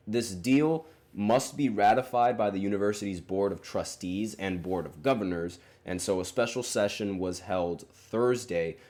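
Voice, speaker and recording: Deep-voiced man, casual solo sports podcast host, hesitant and rambling delivery. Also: darkish tone. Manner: rambling, hesitant, many fillers and self-corrections.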